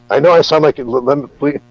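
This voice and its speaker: A man's voice: medium pitch, no room sound. A man hosting a podcast who tells a personal story in rambling casual talk, full of restarts and swearing. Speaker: podcast host. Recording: dull, lo-fi podcast audio.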